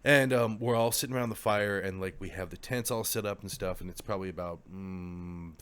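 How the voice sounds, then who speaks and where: A man's voice: sits low, brisk, a bit bright, smooth. A young man from the Pacific Northwest co-hosting a podcast, telling a story in a casual chat, laughing often and swearing freely. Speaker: podcast co-host.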